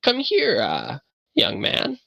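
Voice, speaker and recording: A man voicing a frail old man with a cane who talks hesitantly, stammering and pausing. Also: extremely high pitch, wildly swooping pitch, creaky, no echo, voice pushed up, exaggerated voice, rough recording. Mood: fumbling polite. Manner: hesitant, stammering, then yelling at dogs.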